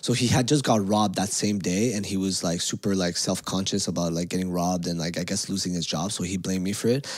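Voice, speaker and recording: A man, co-hosting a podcast and telling animated, profane stories in casual chat. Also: sits low, a little fast, hardly any pauses, no echo. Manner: animated, swears a lot, acts out quotes. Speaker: podcast co-host.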